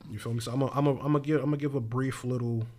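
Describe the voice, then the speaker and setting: A man's voice: medium pitch, fairly even intonation, racing, a little mellow, a little hiss or hum. A young man co-hosting a podcast, talking in a laid-back, slangy way with lots of fillers. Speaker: podcast co-host. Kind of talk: casual chat.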